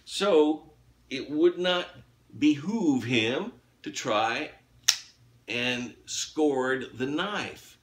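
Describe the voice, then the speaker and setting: A man's voice: mid-range voice, lively intonation, very slow, slight background noise. A man hosting his own channel, chatting casually to camera in a rambling, folksy way full of fillers. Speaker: YouTube channel host running a giveaway.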